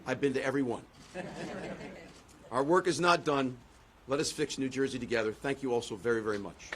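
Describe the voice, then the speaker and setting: A man's voice: medium pitch, a little fast, heavy background noise. A man, a political candidate, giving a concession speech and then answering press questions, driving points home with repeated phrases. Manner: rhetorical, repeats phrases for emphasis.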